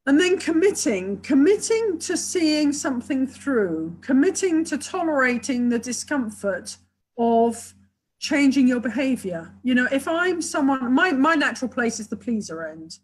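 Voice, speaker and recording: A woman's voice: high-pitched, very animated, a little slow, slightly rough, poor audio. A woman who works as a couples therapist, talking enthusiastically and at length in a webinar, explaining her ideas with many asides. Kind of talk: webinar talk.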